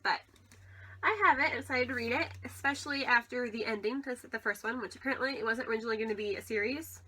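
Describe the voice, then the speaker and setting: A woman's voice: a little high, quick pace, sharp tone, breathy edge. A young adult woman chatting casually about books as a vlogger, rambling with lots of likes and ums. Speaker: book vlogger. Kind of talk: casual vlog chat.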